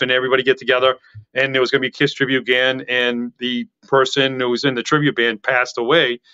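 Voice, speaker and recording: Excitable rambling man with a carrying voice. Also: medium pitch, clean tone, lo-fi sound. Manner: excitable, rambling, loud voice that carries. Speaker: podcast guest. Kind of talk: casual chat.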